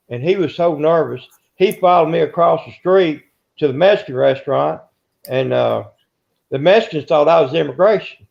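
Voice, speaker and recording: Older male interviewee, gruff rambling storyteller, gravelly voice, muffled lo-fi sound. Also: fairly high pitch, brisk, darkish tone. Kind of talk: casual storytelling. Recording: dull lo-fi recording.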